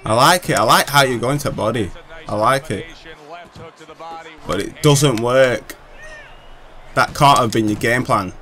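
A man's voice: mid-range voice, a little slow, long pauses, sharp tone. A man giving hyped, trash-talking gameplay commentary, laughing often. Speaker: gaming channel host.

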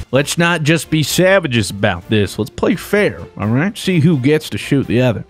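Young guy gamer, playful fake cowboy drawl, lively swings in pitch, faint music under him. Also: measured pace. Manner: playful, hamming up gruff Western drawl. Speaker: gaming YouTuber. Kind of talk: joking gameplay chat with put-on cowboy voices.

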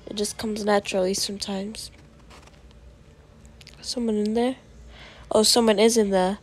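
A woman giving casual gameplay commentary as a video creator, chatty and prone to excited yelling at the game. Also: medium pitch, measured pace, long pauses.

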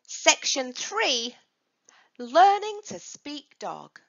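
A woman's voice: sits high, big pitch swings, extremely slow, fairly bright tone. A woman teaching young children about dog safety, coaxing answers with questions and playful prompts. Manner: sing-song, coaxing questions to kids. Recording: dull lo-fi recording.

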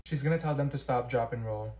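A young man acting out comedy sketches, swinging between loud shrill outbursts and low mumbled asides. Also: quick pace. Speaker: comedy sketch creator playing many characters.

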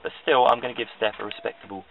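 A man's voice: medium pitch, fairly even intonation, racing, vocal fry, far from the mic, a little hiss or hum. A man giving a hesitant, jokey review of a dinner to camera. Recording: tinny phone-like camera audio from afar.

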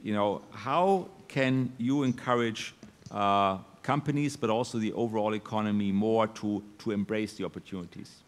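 A fairly low-voiced man moderates a conference panel. He talks haltingly, with many ums and restarts. His voice carries a long hall reverb. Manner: hesitant, many fillers and restarts.

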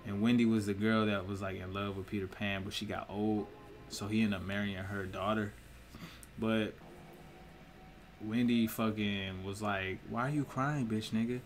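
A man's voice: lowish voice, level tone, normal speed, a little hiss or hum. A young man, a musician, rambling in a casual monologue, full of cursing, slang and laughter. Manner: profane, laughing, slangy storytelling.

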